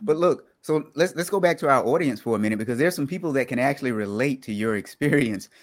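A man from the American South with a Southern accent, hosting a podcast in a playful, teasing way with quick restarts. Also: medium pitch, expressive. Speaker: podcast host. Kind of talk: casual interview chat.

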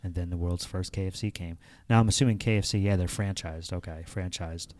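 A man's voice: deep voice, fairly even intonation, a little fast, darkish tone, no room sound. A man co-hosting a casual podcast, easygoing and agreeable, reading out facts and chatting. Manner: laid-back, agreeable, reads facts aloud. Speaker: podcast co-host. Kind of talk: casual chat.

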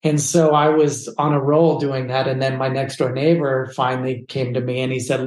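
A man, a photographer guest, telling his life story in a casual, animated way, full of "like" and "dude". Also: medium pitch, normal speed, hardly any pauses. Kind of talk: personal storytelling in a podcast interview. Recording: roomy echo.

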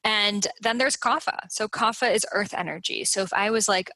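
Bright-voiced woman explaining Ayurveda. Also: mid-range voice, no echo. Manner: animated, acts out quick character voices. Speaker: Ayurveda teacher, podcast guest. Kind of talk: casual podcast conversation.

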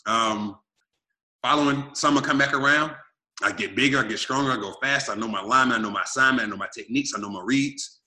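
Man, thirties, from Arkansas, emphatic storyteller, forceful tone, echoey room. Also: mid-range voice, fast. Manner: energetic, repetitive and emphatic, quotes himself and others. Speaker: guest telling his life story. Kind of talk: animated storytelling.

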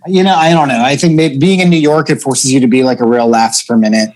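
Man telling a story, animated and profane. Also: mid-range voice, quick pace, rough recording. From central Pennsylvania. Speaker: stand-up comedian, guest. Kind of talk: casual interview storytelling.

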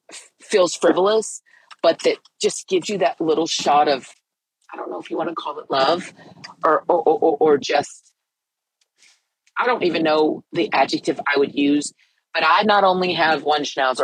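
A middle-aged woman speaks heartfelt and earnest on her podcast, stumbling and restarting as she goes. Her voice is husky and a little breathy, as if she has been crying. The sound is dry and close, with no room around it. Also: low voice, moderate pace, dry recording, low-quality recording. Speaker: podcast host. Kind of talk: personal faith podcast talk.

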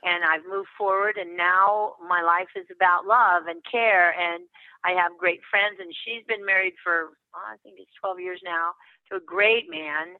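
An older woman guest on a podcast, telling earnest stories with warm laughs. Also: on the low side, fairly even intonation, unhurried, no echo. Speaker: guest therapist. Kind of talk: casual podcast interview. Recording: tinny phone line.

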